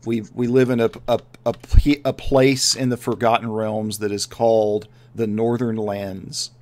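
A man's voice: on the low side, flat delivery, darkish tone, lightly acted. Man voicing a weak, tired kobold. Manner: slow, faint and weary. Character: weak injured male kobold, tired and frail.

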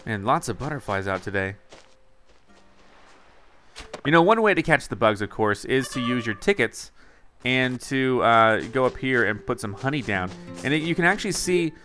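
A man giving chatty let's play commentary, thinking out loud and asking viewers questions as he goes. His voice is bright and forceful, at a middle pitch for a man. The delivery is casual and conversational. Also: lively intonation, a little fast, faint music behind. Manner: chatty, wonders aloud, talks to viewers. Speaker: gaming YouTuber.

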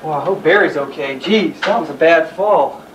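High-voiced, flustered young man. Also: moderate pace, a bit bright, a little hiss or hum. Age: young adult. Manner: flustered and stammering. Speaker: medical resident. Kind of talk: amateur comedy sketch. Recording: echoey amateur camcorder audio.

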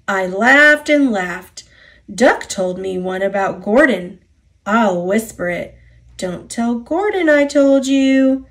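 A woman's voice: a little high, expressive, slow pace. Diesel, a woman doing a sly engine. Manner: wheedling, false sympathy. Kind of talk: storybook read-aloud.

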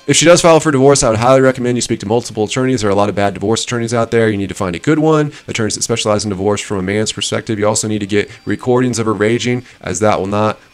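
A man reading passages aloud and adding his own rambling, casual commentary with frequent restarts. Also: fairly low pitch. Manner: shifts between measured reading and rambling asides with restarts. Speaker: host reviewing marriage advice.

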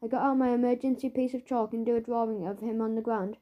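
A woman narrating a children's audiobook in the first person as a schoolboy, lively and storytelling. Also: a little high, quick pace, few pauses, muffled recording.

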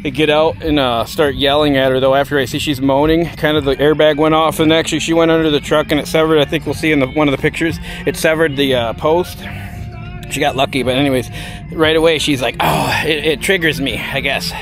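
A man's voice: a little high, fairly even intonation, fast, over music. A man telling a story casually, rambling and swearing heavily. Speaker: vlogger.

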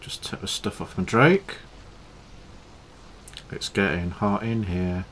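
Calm low-voiced gaming narrator. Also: male voice, takes it slowly, slight background noise. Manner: calm, explanatory, matter-of-fact. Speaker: gaming YouTuber. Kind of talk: gameplay commentary.

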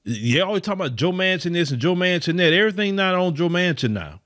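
A man delivers fervent podcast commentary in a fairly high voice. His pitch swings widely as he hammers his points home. He repeats phrases and speaks straight to his listeners as y'all. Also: expressive, quick pace, a bit bright. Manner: preachy, repetitive, addresses listeners as y'all; mocks others in high put-on voices. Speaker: podcast host. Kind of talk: impassioned political commentary.

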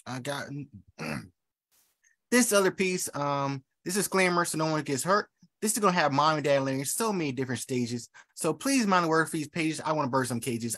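A man's voice: fairly high pitch, animated, moderate pace, fairly bright tone, dry recording. A man at an open mic reading rhyming poems, with playful banter and casual ums between pieces.

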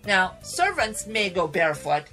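A woman radio Bible teacher retelling a Bible story in a dramatic, animated way, speaking to listeners as folks. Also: mid-range voice, unhurried, faint music behind. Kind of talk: sermon storytelling.

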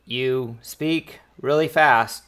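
A man voicing a polite, precise translator droid with a stiff, slow delivery. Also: mid-range voice, a bit bright, clean tone, pitched above the performer's own voice.

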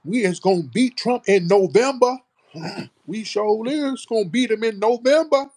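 A man's voice: high voice, lively intonation, extremely slow, voice pushed up, heavily acted. A man putting on a mocking, exaggerated voice of a woman politician with a folksy drawl.

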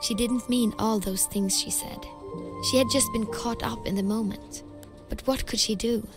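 A woman giving calm, scripted storybook narration for a game. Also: on the high side, normal speed, music in the background.

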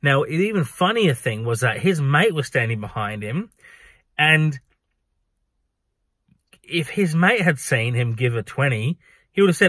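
A young man who works in a bar tells a story to camera as a vlogger, casual and animated, acting out the lines people said. His medium-pitched voice moves at a measured pace with long pauses, and there's no room sound.

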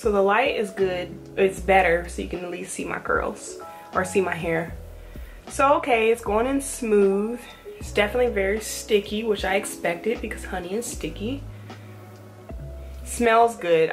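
A woman's voice: medium pitch, fairly even intonation, moderate pace. Woman, casual hair review, chatty and rambling, home camera mic, faint music underneath. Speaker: natural hair vlogger. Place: indoors at home.

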